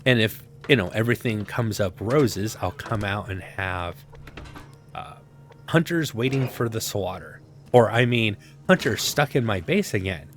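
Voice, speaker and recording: Man, low voice, let's-play commentary, rambling, sarcastic, faint background music. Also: expressive, measured pace. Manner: rambling, self-talking, sarcastic asides. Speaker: gameplay commentator.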